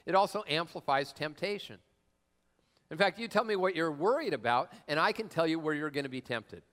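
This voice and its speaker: A man's voice: a little high, fairly bright tone. A middle-aged man preaching a sermon as pastor, telling stories in a loose, joking, conversational way. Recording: long reverb of a large hall.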